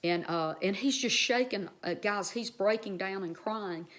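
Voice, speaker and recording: A woman's voice: medium pitch, a little slow, fairly bright tone. A woman vlogger telling a personal story in a casual, heartfelt, rambling way, speaking straight to her viewers.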